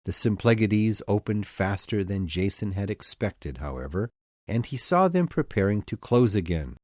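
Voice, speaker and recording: A man narrating an abridged audiobook of myths in an expressive storytelling manner. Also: fairly low pitch, normal speed, no echo, studio quality.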